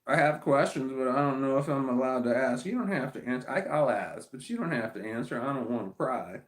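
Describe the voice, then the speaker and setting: A man's voice: mid-range voice, animated, fairly quick, roomy sound. Profane rambling man chatting on a live stream. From United States. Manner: rambling and profane, with frequent restarts. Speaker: streamer reading live chat. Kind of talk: casual livestream chat.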